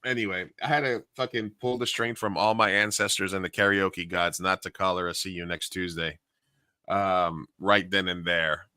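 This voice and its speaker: Bright-voiced man telling a bar story. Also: low-pitched, clear, resonant tone, no echo. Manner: animated storyteller, acting out quoted voices, swears freely. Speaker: podcast co-host and karaoke host. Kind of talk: casual storytelling chat.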